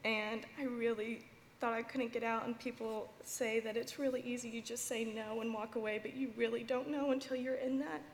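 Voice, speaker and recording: A woman's voice: a little high, flat delivery, moderate pace, slight background noise. A woman in her twenties giving an earnest, tearful testimony at a church service, crying as she speaks. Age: 20s. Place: large church with balcony. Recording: echoey church hall with long reverb.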